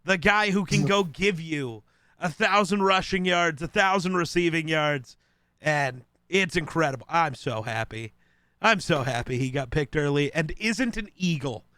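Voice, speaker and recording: A man co-hosting a casual sports podcast, blunt and quick to swear as he teases the others. His voice is bright and smooth, and it is recorded dry and close. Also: a little high, animated, no room sound. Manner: blunt and profane, teasing. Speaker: podcast co-host.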